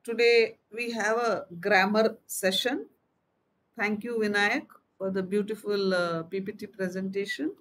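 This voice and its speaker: Woman, English teacher, slow and methodical, mid pitch, repeats terms and reads examples aloud. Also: fairly even intonation, fairly bright tone. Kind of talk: classroom grammar lesson.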